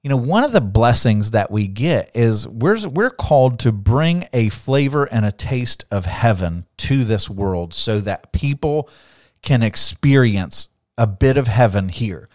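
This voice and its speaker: A man talks through a Bible passage in a relaxed conversational way, often slipping into quoted voices and restarting phrases. His pitch swings widely as he talks. The sound is dry and close. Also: unhurried, dry recording. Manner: animated, acts out quotes, repeats words. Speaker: podcast co-host. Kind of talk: casual Bible discussion.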